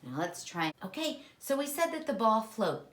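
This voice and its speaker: A woman teaching a kindergarten lesson, talking directly to young children in a warm, exaggerated teacher voice with wide swings. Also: big pitch swings. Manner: slow, sing-song teacher voice with big pitch swings.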